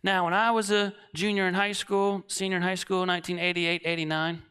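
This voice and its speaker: A man in his late thirties preaching, telling a comic story that swings from shouting to hushed. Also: high-pitched, little pitch movement, brisk, clean tone. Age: 30s.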